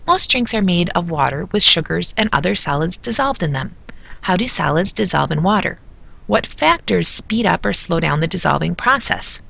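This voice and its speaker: Chatty teacher woman with a gravelly voice. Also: fairly low pitch, bright, forceful tone. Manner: chatty, explains with asides. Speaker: chemistry teacher. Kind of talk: recorded video lesson.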